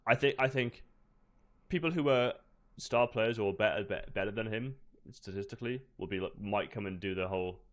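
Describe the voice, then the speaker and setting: A man's voice: lowish voice, moderate pace. A man co-hosting a podcast in casual chat, rambling and laid-back, swearing now and then. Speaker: podcast co-host.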